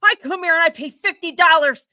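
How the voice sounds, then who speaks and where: A furious, stammering middle-aged man, as a woman puts him on, rants at a story-night reading. The voice sits high and bright. It is recorded dry and close. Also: normal speed, dry recording. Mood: ranting. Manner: ranting, stammering, indignant. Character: angry frustrated middle-aged male customer. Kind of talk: storytelling role-play.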